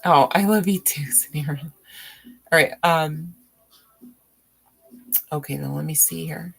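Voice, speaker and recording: A woman's voice: sits low, gravelly, husky, faint music behind. A woman reading tarot on a live stream, chatting casually with viewers, laughing often and teasing them. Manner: slow, drawn-out speech with fillers.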